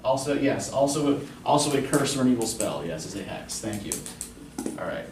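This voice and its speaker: A man's voice: medium pitch, lively intonation, brisk. Guy teaching poetry meter to a class, patient, keeps asking questions, echoey room, mic far off. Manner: explains patiently, asks the class frequent questions. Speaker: college English instructor. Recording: roomy classroom from a distance with faint noise.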